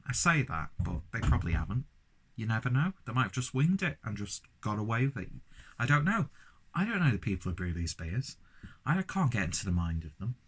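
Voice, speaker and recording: A young man with a London accent talks through a beer review in a casual solo monologue. His voice sits a bit low, and he rambles with enthusiasm, breaking off into jokes at his own expense. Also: slightly rough. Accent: London English. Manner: enthusiastic, rambling, self-mocking asides.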